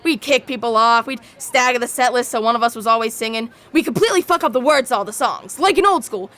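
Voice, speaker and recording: A woman's voice: a little high, quick pace, close to an everyday voice. A woman performing a theatrical monologue as a rowdy young adult, telling crude bar stories. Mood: brash. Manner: animated, brash storytelling with crude asides. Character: rowdy young adult bragging about wild bar nights.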